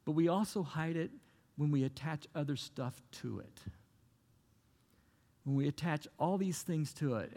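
Gravelly-voiced pastor preaching in a hall. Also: male voice, a little high, warm tone. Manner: earnest, conversational preaching with repeated phrases. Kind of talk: sermon.

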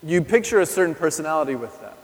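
A man's voice: fairly high pitch, animated, fast. Man, thirties, testimony sermon, conversational, talks straight to the crowd, long hall reverb. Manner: candid, conversational, addresses the audience directly. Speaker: preacher. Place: church hall. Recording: live recording in a reverberant hall.

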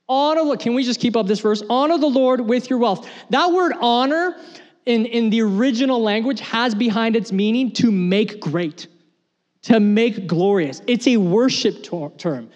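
A man's voice: moderate pace, in a large hall, dull audio. A man preaching a sermon as pastor, emphatic and repetitive, rising to intense passages. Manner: emphatic preaching, repeating key phrases, rising to high intensity.

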